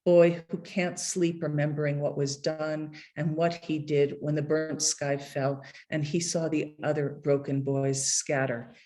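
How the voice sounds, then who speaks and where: A middle-aged woman poet reading her poems aloud at a book launch, measured and deliberate, with hesitant asides between pieces. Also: deep voice, flat delivery, mellow, a little hiss or hum. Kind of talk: poetry reading.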